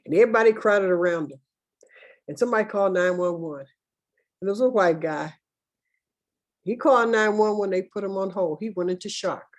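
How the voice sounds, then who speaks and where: A woman's voice: mid-range voice, fairly quick, long pauses. Woman on a video call, telling an anecdote, dry and sarcastic. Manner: anecdotal storytelling with dry asides. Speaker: participant in a discussion. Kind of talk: casual chat on a video call.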